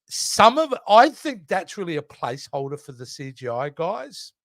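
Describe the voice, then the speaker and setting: A man in his fifties co-hosts a relaxed movie chat, with a high voice that swoops up and down as he talks. He rambles, trails off and starts over mid-thought. The sound is dry and close, with no room echo. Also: normal speed. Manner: animated, rambling, trailing off and restarting. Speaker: co-host. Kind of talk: casual chat.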